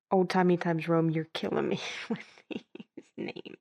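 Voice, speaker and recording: Giggly flustered woman stumbling over words. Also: fairly low pitch. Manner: giggly, flustered, self-mocking, repeats hard words slowly. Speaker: video host reading a script. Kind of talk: casual blooper-reel reading.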